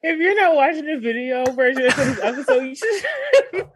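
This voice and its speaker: A woman's voice: high-pitched, big pitch swings, moderate pace. A woman co-hosting a casual film review podcast, sarcastic and laughing. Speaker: podcast co-host.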